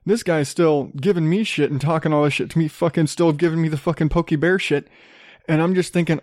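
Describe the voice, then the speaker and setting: A young man tells a story on his own show, cursing often and ranting as he plays out both sides of a quarrel. His voice sits a little high and the sound is dry and close. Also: fairly quick, a little mellow, no room sound. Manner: profane, ranting, acts out both sides of arguments. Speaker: podcast host. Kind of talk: profane storytelling rant.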